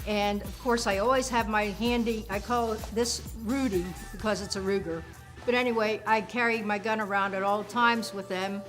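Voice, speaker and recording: An older woman talks about her security and driving work in a chatty, folksy promo interview. Her voice sits at a mid pitch, and soft music plays faintly behind her. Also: steady tone, moderate pace. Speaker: personal security and driver.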